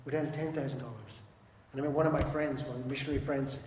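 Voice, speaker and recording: A man preaching a sermon as pastor, animated, acting out quoted voices and swinging between loud and soft. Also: mid-range voice, racing, reverberant, in a large hall, slight background noise.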